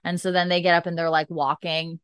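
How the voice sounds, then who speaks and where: A woman chats through a show recap in an easy, rambling way, stringing scenes together with "and she's like". Her voice sits a bit low and sounds smooth and resonant. The sound is close and dry, with no room around it. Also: level tone, fairly quick, no room sound. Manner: chatty, retells dialogue with "she's like", laughs often. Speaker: podcast host recapping an episode. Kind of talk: casual chat, retelling scenes.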